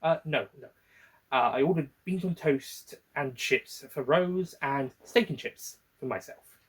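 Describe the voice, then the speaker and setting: A man voicing the Doctor, a brisk male time traveller, in an attempted Northern English accent, speaking haltingly. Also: a little high, slightly rough, pitched above the performer's own voice. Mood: matter-of-fact.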